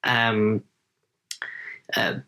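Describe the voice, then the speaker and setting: A man's voice: on the low side, steady tone, very slow, sharp tone. A man in his late thirties, a podcast guest telling a story casually, often tagging his sentences with "right?". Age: late 30s. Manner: chatty, tags sentences with "right?".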